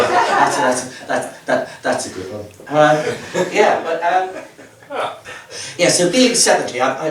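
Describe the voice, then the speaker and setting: A stand-up comedian in his 70s, speaking at a medium pitch, rambles and stammers through his set with self-mocking asides. The comedy club stage is captured as roomy live audio from a distance, with audience laughter behind him.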